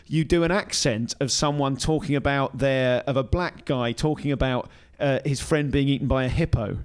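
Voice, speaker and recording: A man's voice: medium pitch, normal speed, clear, resonant tone. A man, a podcast host interviewing a comedian, thoughtful and probing, speeding up when he recounts things. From Britain. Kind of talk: casual interview chat. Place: live podcast recording in a venue.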